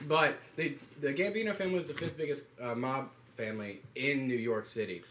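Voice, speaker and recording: A man's voice: mid-range voice, a bit bright, a little hiss or hum. A young man co-hosting a casual podcast, explaining things insistently and at length. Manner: storytelling, insistent, drawn-out explanations. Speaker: podcast co-host. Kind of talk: casual chat.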